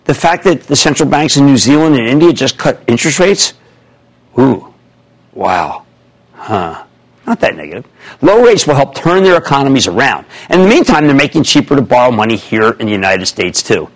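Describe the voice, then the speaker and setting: A man in his sixties hosting a TV stock show, loud and theatrical, jumping between shouts and mutters. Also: mid-range voice, animated, fast talker, few pauses, rough recording. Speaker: TV host. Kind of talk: excitable TV stock commentary.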